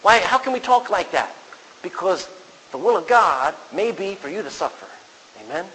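A man's voice: high-pitched, big pitch swings, normal speed, sharp tone, husky. A man preaching a sermon in a conversational way, quoting scripture and putting questions to the congregation. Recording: long reverb of a large hall.

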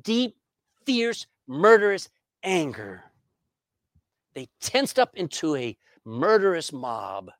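A middle-aged man preaching a sermon, swinging between loud emphasis and hushed asides. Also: high voice, no echo, clean studio sound. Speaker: pastor. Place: church sanctuary.

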